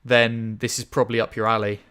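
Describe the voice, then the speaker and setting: A man's voice: medium pitch, flat delivery, brisk, fairly bright tone, clean tone. A man co-hosting a gaming podcast, blunt and teasing, with some swearing in casual chat. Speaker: podcast co-host.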